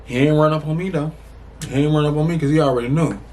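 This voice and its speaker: A man's voice: a little high, fast talker, slight background noise. Young man telling a rambling, profane story. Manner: animated, profane, rambling with restarts. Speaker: storytime vlogger. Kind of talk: casual storytime.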